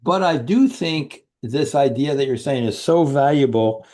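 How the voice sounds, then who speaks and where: A middle-aged man hosting an interview, friendly and affirming, a coach who gets animated retelling stories. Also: mid-range voice, measured pace. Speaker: podcast host and coach. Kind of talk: casual interview talk.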